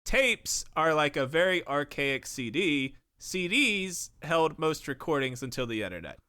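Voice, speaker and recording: A man's voice: fairly high pitch, big pitch swings, measured pace, bright, forceful tone, clear, resonant tone. A man hosting a podcast, reading a script in a casual, profane way and breaking into laughs. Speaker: podcast host. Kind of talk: scripted narration with banter.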